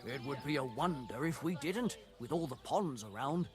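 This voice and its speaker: An actor plays a chatty village innkeeper in a game, passing on rumours. His voice sits mid-range. Game music plays clearly underneath. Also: mid-range voice, lively intonation, moderate pace, close to an everyday voice. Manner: gossipy, informative. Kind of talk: video game dialogue.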